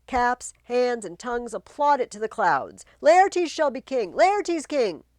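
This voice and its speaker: A woman reading the part of a frantic male royal messenger, declaiming verse loudly and urgently. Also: a little high, sing-song, unhurried, no room sound, clean studio sound, pitched above the performer's own voice. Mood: alarmed.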